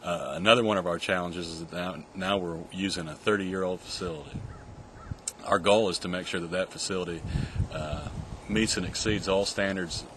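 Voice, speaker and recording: A man, the camp's director, explaining its mission and funding in a steady, formal way. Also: sits low, moderate pace, background noise.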